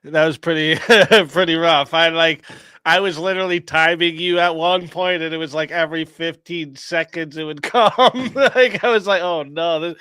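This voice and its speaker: A man's voice: fairly high pitch, moderate pace, pushed and bright, clean tone, dry recording. A man in casual chat who agrees with the other speaker and often chuckles.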